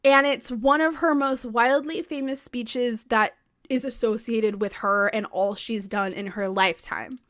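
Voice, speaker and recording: A woman co-hosting a podcast, telling a history story in animated, chatty talk full of "like" and the odd swear word. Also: a little high, measured pace, dry recording, studio quality. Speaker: podcast co-host. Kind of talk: casual chat, storytelling.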